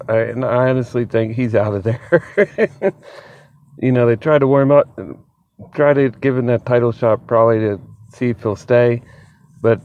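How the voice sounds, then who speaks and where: A man hosting his own channel delivers casual solo commentary, amped up on an energy drink. He is excitable, laughs often and swears freely. The recording sounds dull and lo-fi, with no room around the voice. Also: mid-range voice, dry recording. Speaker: wrestling commentary channel host.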